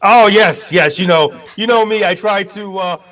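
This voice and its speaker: A man bantering on a live local morning show, joking at his own expense. His voice is high and bright for a man. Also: normal speed. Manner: jokey, self-deprecating, laughs often. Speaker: news presenter.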